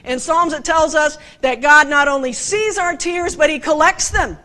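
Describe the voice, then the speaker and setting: Bright, high-voiced woman preaching. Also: normal speed. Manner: animated, asks the listeners direct questions. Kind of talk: conversational sermon.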